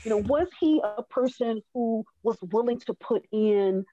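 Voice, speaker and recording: A woman's voice: on the high side, measured pace, warm tone. A woman thinking aloud about a historical figure in a thoughtful way, with frequent fillers. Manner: thoughtful, many fillers and restarts. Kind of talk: conversational history discussion. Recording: dull dry lo-fi sound.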